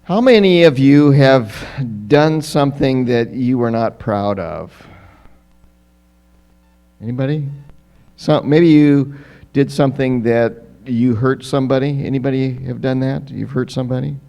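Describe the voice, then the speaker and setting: A man's voice: mid-range voice, measured pace, vocal fry. Man telling kids a church story. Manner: lively, asks the children frequent questions. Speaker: pastor telling a children's story. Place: church sanctuary.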